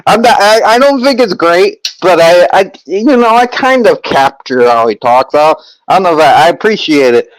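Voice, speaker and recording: A man's voice: high-pitched, expressive, moderate pace, hardly any pauses, no room sound, rough recording. A young man streaming and chatting casually with his viewers, rambling with lots of fillers and restarts.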